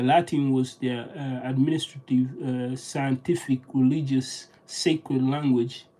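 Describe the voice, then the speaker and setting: Someone alone reads aloud in a casual way, practicing vocabulary, stopping and restarting often as they sound out words and think aloud. The voice is mellow and medium-pitched, and the audio quality is poor.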